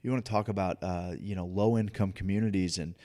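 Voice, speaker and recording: Fired-up, low-voiced male podcast host. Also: fairly even intonation, fast talker, warm tone. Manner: passionate, ranting, emphatic with frequent restarts. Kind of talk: casual podcast chat.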